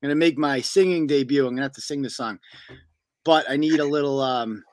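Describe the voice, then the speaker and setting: A man's voice: mid-range voice, brisk, dry recording. A man and show host delivering a profane, mocking comedic rant.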